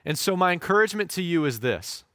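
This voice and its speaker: A man's voice: high-pitched, very animated, quick pace, pushed and bright, smooth, dry recording, studio quality. A male pastor preaching a sermon, telling stories and slipping into voices for the people in them. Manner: storytelling, shifts into voiced quotes.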